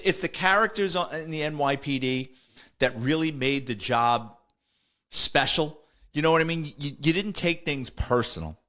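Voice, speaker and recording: A man's voice: medium pitch, fairly bright tone. An older man, a retired police officer telling stories on a podcast in a rambling way, full of fillers and self-corrections. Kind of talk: casual storytelling.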